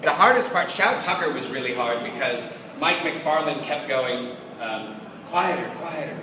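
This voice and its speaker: Animated man on a panel, echoey hall. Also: normal speed. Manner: animated, jokey, acts out quotes with big pitch jumps and laughs. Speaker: voice actor on a convention panel. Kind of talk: lively convention panel storytelling. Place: large convention hall. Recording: far-off echoey hall recording with noise.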